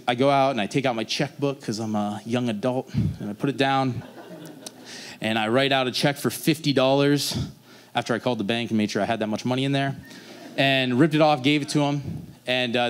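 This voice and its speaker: A young man telling a rambling personal story on stage at a live story slam, jumping up in pitch when he acts out his own past lines. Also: clean tone. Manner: rambling, animated, plays out his own past dialogue in a raised voice.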